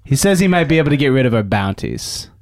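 Lively man playing a tabletop character. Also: medium pitch, fast, no echo, clean studio sound. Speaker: player.

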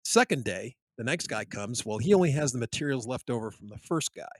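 A mid-pitched man spins a long, rambling anecdote in casual podcast chat. He restarts sentences often and leans on "you know" as he goes. The sound is close and dry. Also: expressive, a little fast, dry recording. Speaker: podcast host.

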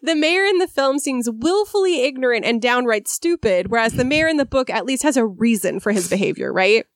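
A woman's voice: fairly high pitch, expressive, fairly quick, no echo, studio quality. A woman co-hosting a film podcast, talking casually and analytically with plenty of ums and likes. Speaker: podcast co-host.

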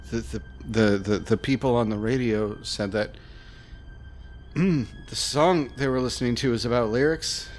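A man playing in a tabletop game, describing his character in a casual, halting way. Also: mid-range voice, a little hiss or hum. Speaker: player.

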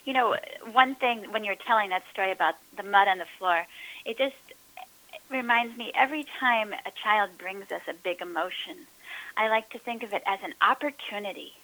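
A woman's voice: medium pitch, normal speed, bright, forceful tone, low-quality recording. A woman co-host chatting casually, upbeat and repeating phrases for emphasis. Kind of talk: casual chat.

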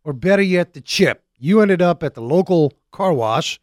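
A man hosting a car talk radio show, joking in an energetic, talkative way. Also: sits high, moderate pace, no room sound, studio quality. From Arizona.

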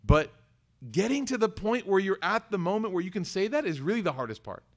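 Male religious teacher, fairly high voice, chatty lecture style, acts out quoted lines. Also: very animated, fairly quick. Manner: conversational, acts out quoted voices, asks the audience. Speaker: Islamic teacher. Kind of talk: lecture on scripture.

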